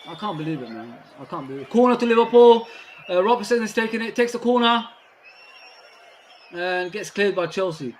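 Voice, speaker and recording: A man's voice: sits high, expressive, fairly quick, slight background noise. A man co-hosting a live fan watchalong, ranting in exasperated disbelief at how his team is playing. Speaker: fan stream co-host. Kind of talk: live match watchalong chat.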